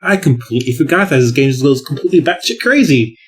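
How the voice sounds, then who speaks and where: A man's voice: on the high side, sing-song, fast, a little hiss or hum. A man co-hosting a game podcast, rambling and hesitant, with restarts and casual swearing. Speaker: podcast co-host. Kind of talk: casual game review chat.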